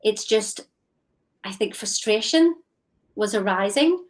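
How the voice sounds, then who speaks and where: A woman's voice: medium pitch, lively intonation, takes it slowly. A woman co-hosting a casual live chat, talking in an earnest, reflective and affirming way. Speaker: co-host.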